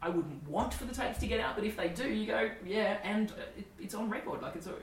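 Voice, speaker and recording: A woman's voice: mid-range voice, expressive, fast, reverberant, recorded from a distance, low-quality recording. An Australian woman in her forties, a comedian telling candid stories in casual chat, laughing and swearing freely. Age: 40s. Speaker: comedian guest.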